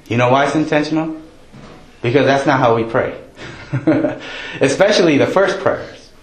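A man's voice: medium pitch, lively intonation, normal speed. Guy preaching, chatty and jokey, mid voice, echoey church room. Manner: conversational, jokey, quotes prayers in raised voice. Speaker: pastor. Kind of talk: sermon. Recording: roomy echo.

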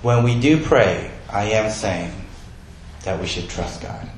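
A man's voice: on the low side, expressive, takes it slowly, reverberant, slight background noise, low-quality recording. A male pastor giving a sermon in a conversational way, asking his listeners questions.

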